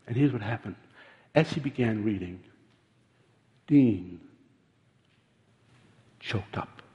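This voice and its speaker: An older man preaching with earnest, halting delivery, stumbling over repeated words. His voice rings out in a long hall reverb, and the recording sounds dull and muffled. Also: medium pitch, a little mellow. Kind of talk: sermon.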